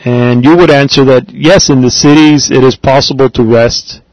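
A man teaching a language class, patiently explaining and repeating phrases slowly for his students. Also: medium pitch, steady tone, a little mellow, dry recording, dull audio. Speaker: Spanish teacher.

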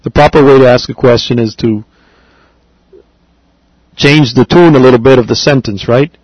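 A man teaching a language class, patiently explaining and repeating phrases slowly for his students. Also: medium pitch, slightly rough, no room sound, muffled recording. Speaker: Spanish teacher.

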